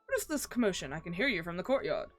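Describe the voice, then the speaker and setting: A woman's voice: fairly low pitch, sing-song, quick pace, faint music behind. Woman doing a lordly older nobleman.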